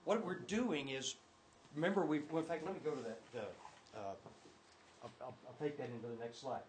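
A man's voice: mid-range voice, brisk, a little hiss or hum, low-quality recording. An older man teaching a church class with slides, talking in an enthusiastic, emphatic way. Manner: enthusiastic, emphatic, talks with restarts.

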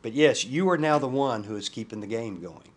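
A man reading as a calm Christian counselor. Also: medium pitch, a little fast, slightly rough. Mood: calm probing. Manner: calm, gently probing.

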